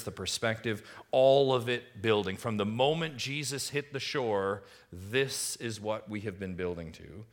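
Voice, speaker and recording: A man preaching a sermon as pastor, moving from quiet reflection to emphatic appeals and repeated rhetorical questions to the congregation. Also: lowish voice, moderate pace. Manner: swings between hushed reflection and rising emphatic appeals.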